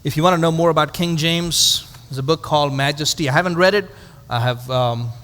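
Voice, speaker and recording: A man's voice: a little high, a little fast, a bit bright, big-room sound. A male pastor teaching a Bible study to a live audience in a conversational way, asking rhetorical questions and adding dry humorous asides.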